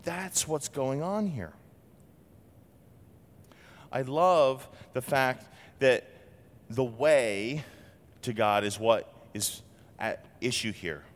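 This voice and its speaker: Animated male preacher in a reverberant hall. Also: very slow, pauses often. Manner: animated, acts out quotes with big swings in pitch. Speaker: pastor. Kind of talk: sermon.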